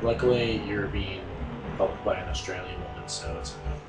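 A man's voice: sits low, steady tone, moderate pace. A man joking along casually while a friend plays a game. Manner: jokey, puts on squealing enemy voices. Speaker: co-commentator in a let's play. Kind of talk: casual gaming banter. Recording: echoey room, off-mic, game music behind.

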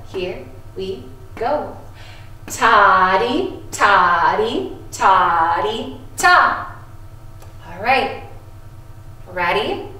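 A woman music teacher leading a lesson for second graders, calmly encouraging them and chanting rhythm syllables. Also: mid-range voice. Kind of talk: video music lesson for children. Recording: echoey room, voice from a distance.

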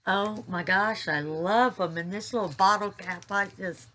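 A woman's voice: mid-range voice, sharp tone. A woman, gushing as she unboxes and shows off craft pieces in a casual vlog. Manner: gushing, drawn-out, repeats herself. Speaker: crafting YouTuber.

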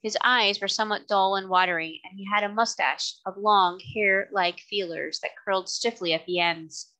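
Woman reading a storybook aloud, bright clear voice, expressive. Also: medium pitch, moderate pace, low-quality recording. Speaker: reader. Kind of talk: storybook narration.

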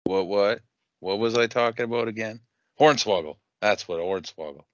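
A man putting on the voice of an impish little male wrestler, slowly taunting in a sing-song way. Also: fairly low pitch, dry recording, lightly acted. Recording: dull lo-fi audio.

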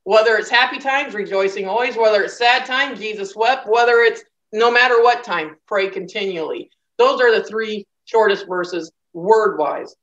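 A woman's voice: medium pitch, moderate pace, hardly any pauses, a bit bright, muffled recording. A woman teaching a Bible study lecture in a conversational way, reading scripture and acting out the quoted speakers. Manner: conversational, acts out quoted voices.

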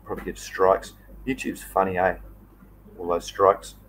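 A man's voice: low voice, little pitch movement, moderate pace, fairly bright tone, a little hiss or hum, low-quality recording. Easygoing Australian man chatting live. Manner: chatty, easygoing, loose and rambling. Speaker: livestream host. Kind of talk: casual live chat.

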